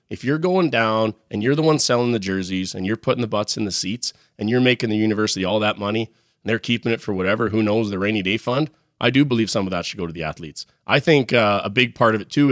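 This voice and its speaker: A man's voice: lowish voice, fairly quick, a bit bright, no echo, clean studio sound. Upbeat joking Canadian man. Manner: upbeat, jokey, rambling. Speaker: podcast co-host. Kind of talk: casual sports chat.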